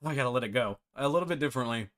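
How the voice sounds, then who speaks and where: A man's voice: medium pitch, animated, racing, a bit bright. A man hosting a live-streamed game development tutorial, chatty and self-deprecating, often breaking into laughter.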